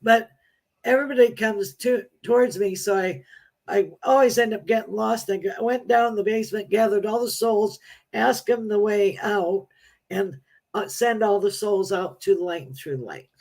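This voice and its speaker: A woman appearing as a psychic medium guest on a casual talk show, speaking in a halting, matter-of-fact way. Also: mid-range voice, vocal fry, a little mellow.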